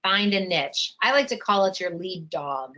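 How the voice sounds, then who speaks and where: A woman coaching travel agents in a live online session, energetic and conversational, coaxing her listeners along. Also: lowish voice, normal speed.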